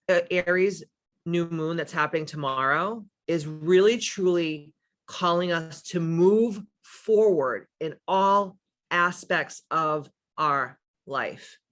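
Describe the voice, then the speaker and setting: A woman's voice: on the low side, slow. A woman talks straight to her viewers in a casual livestream. Her delivery is emphatic and candid, and she drops the occasional swear word. She stops now and then to read out comments from the chat. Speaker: livestream host and spiritual coach.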